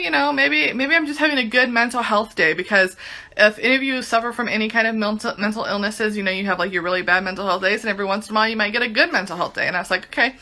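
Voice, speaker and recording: Chatty woman with a bright voice. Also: mid-range voice. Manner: chatty, says "like" constantly. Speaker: product reviewer. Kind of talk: casual testimonial.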